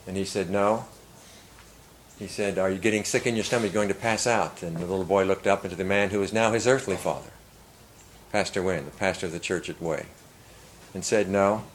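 An older man delivers a sermon in a very low voice, earnest and given to loud swells of emphasis. A faint background hum sits behind him. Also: brisk, poor audio. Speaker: pastor. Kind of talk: sermon storytelling.

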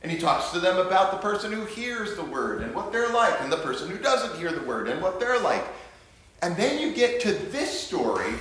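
A man leads a Bible lesson with a lively, swinging pitch and an emphatic delivery, often repeating his key words. His voice rings around a very echoey room. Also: normal speed. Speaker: Bible teacher.

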